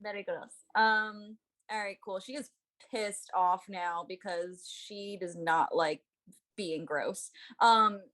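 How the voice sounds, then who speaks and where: A woman's voice: medium pitch, steady tone, slow pace, a bit bright. A woman with an Irish accent, playing a tabletop game in a chatty, questioning way. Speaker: player. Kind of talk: casual tabletop play.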